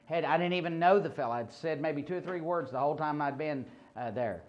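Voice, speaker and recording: Man, ministry trainer, fairly high voice, informal storytelling, frequent fillers and restarts, muffled recording. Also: brisk. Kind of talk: teaching a training seminar.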